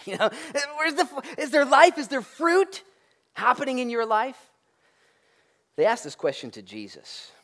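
Animated joking male pastor. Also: very high-pitched, measured pace. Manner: lively, joking preacher acting out quoted voices. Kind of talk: sermon.

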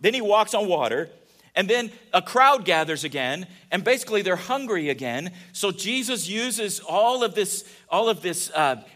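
This pastor's voice sits a little above the typical male range as he delivers an easygoing, conversational sermon. Animated throughout, he questions his audience directly and alternates soft asides with forceful, emphatic moments.

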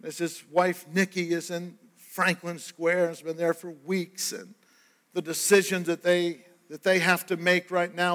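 A man's voice: sits high, level tone, measured pace, fairly bright tone. An older man, a pastor, preaching a sermon in a conversational, earnest storytelling way. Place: church sanctuary. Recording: church hall with long reverb.

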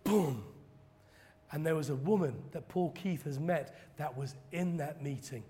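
Dramatic man preaching in a reverberant hall. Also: unhurried. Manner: dramatic storytelling, acting out quoted preachers with loud high bursts. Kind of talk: sermon.

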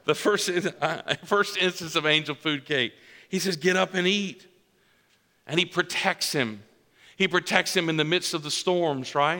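Male pastor, bright and forceful, slightly high voice; chatty sermon delivery with restarts; long church reverb. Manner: conversational preaching with repeated restarts and "right?" tag questions. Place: church sanctuary.

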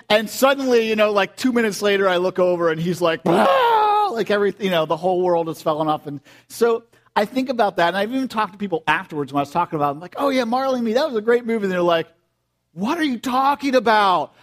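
High-voiced chatty male pastor. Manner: chatty and storytelling, acts out quotes in high voices. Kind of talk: casual sermon.

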